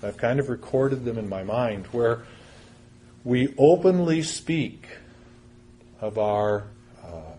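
A man's voice: mid-range voice, animated, slow, long pauses, mellow, husky. A man preaching a sermon, reading scripture aloud and explaining it in an earnest, conversational way. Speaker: pastor.

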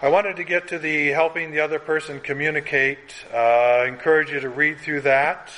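A man teaching a class in an earnest, conversational way, sometimes quickening as he acts out examples. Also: a little high, steady tone, sharp tone, rough recording. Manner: earnest, conversational, speeds up when acting out examples.

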